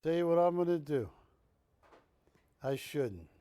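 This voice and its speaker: A man with a high, dry voice hosts a live television shopping show. He pitches hard and jokes constantly, teasing his co-hosts between bids. The sound is close and studio-dry. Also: lively intonation, unhurried, mellow, no echo. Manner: jokey, teasing, pushy salesman patter. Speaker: shopping channel host.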